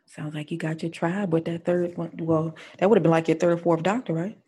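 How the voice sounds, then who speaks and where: A woman's voice: lowish voice, steady tone, fairly quick, mellow, husky. A woman hosting a casual interview, asking questions and giving supportive murmurs. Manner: supportive, with frequent affirming murmurs. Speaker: podcast host.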